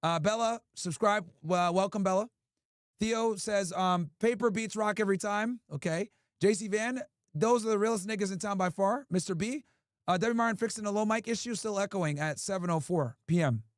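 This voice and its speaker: A man's voice: high-pitched, moderate pace, no room sound, studio quality. A man hosting a livestream in casual talk, profane and ranting as he answers his chat. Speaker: streamer host.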